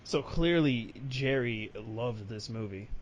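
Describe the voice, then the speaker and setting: A man's voice: medium pitch, lively intonation, takes it slowly, highs cut off. A man co-hosting a casual movie review chat, commenting in a laid-back, amused way. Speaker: podcast co-host.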